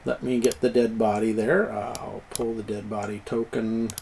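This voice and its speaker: A man's voice: lowish voice, flat delivery, moderate pace, creaky, a crowd in the background. A man narrating a tabletop game as game master, chuckling and cheering on the players' rolls. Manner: chuckling, encouraging, plays up dice rolls.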